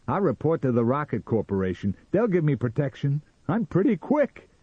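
Guy doing a loud cocky frontier man, yells high and wild, kinda muffled recording. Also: wildly swooping pitch, very slow, slightly rough, dry recording, full character voice. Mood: boastful. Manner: shouting, defiant. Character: brash panicky male pioneer, boastful and quick to violence.

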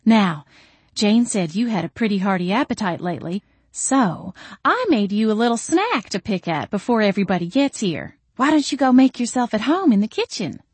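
A woman voicing a gentle, fussing middle-aged Southern mother with a motherly manner. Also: medium pitch, very animated, normal speed, slightly rough, dry recording, pitched above the performer's own voice.

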